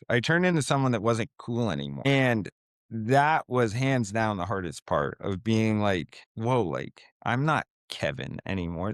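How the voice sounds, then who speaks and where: Lowish in pitch, this man's voice has studio quality with no room sound. He's in his thirties, guesting on a podcast from home with a baby audible nearby, chatting in a relaxed interview full of fillers and easygoing slang.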